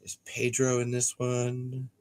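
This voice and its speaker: A man's voice: medium pitch, completely flat delivery, takes it slowly, a little hiss or hum. A man hosting a podcast, rambling and swearing freely as he sets up and narrates a script read-through.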